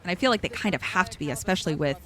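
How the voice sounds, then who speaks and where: Chatty woman streamer thinking out loud on stream, voice goes all over the place. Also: fairly low pitch, expressive, rapid-fire. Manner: chatty, musing aloud about what she sees. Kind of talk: live reaction commentary.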